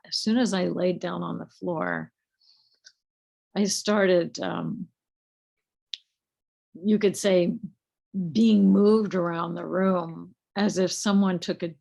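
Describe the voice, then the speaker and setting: A middle-aged woman slowly telling a personal spiritual story, halting, with many fillers and restarts. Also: fairly low pitch, vocal fry, darkish tone. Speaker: group leader telling her spiritual story.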